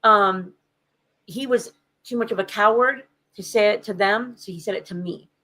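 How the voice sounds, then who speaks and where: A woman's voice: medium pitch, normal speed, pushed and bright, poor audio. A woman on a podcast telling a candid family story in a casual, conversational way, with frequent fillers. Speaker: podcast co-host.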